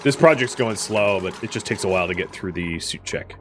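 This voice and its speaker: A man's voice: low voice, lively intonation, a little fast, background noise. A young man casually commenting on his colony game as he plays, rambling and correcting himself with lots of fillers. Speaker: gaming streamer. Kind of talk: casual let's-play commentary.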